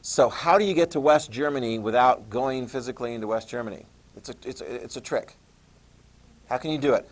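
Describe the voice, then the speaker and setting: Male history teacher, animated classroom storyteller, mid pitch, repeats key terms. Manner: animated storytelling, acts out leaders in quick voices. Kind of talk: classroom lecture.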